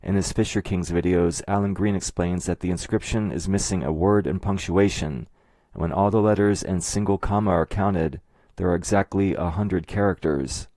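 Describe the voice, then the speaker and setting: A man narrating a scripted explanatory video in a measured, methodical way. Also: sits low, warm tone, no echo. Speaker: video essayist.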